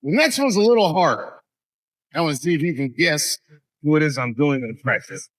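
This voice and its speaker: A man's voice: animated, brisk, no echo, low-quality recording. Profane storytelling stand-up comic man. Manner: profane storytelling with wide swings in pitch and loudness. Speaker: stand-up comedian. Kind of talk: stand-up comedy set. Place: comedy stage.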